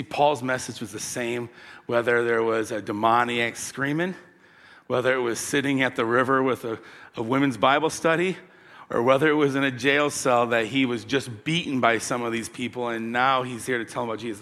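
Bright-voiced preacher in a reverberant hall. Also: male voice, medium pitch. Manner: animated storytelling, building to loud peaks. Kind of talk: sermon.

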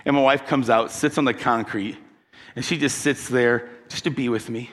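A pastor delivering a conversational sermon, telling personal stories and putting questions to the congregation. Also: male voice, mid-range voice, steady tone, moderate pace, a bit bright, in a large hall.

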